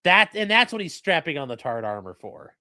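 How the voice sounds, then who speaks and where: A man's voice: a little high, big pitch swings, a little fast, pushed and bright, dry recording, studio quality. A man hosting a casual livestream, talking bluntly with profane, mocking asides. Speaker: livestream host and lawyer.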